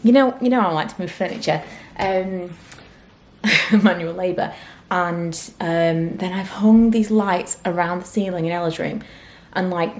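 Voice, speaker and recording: A woman's voice: fairly low pitch, unhurried, darkish tone. A woman in her thirties chatting candidly to camera in a home vlog, sometimes dropping to a whisper. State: out of breath. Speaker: vlogger. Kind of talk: casual chat to camera.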